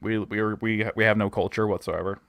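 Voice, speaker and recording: A man's voice: on the low side, little pitch movement, brisk, a bit bright, no echo. A man from Idaho hosting a casual gaming podcast, joking and trash-talking with a laugh. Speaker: podcast host.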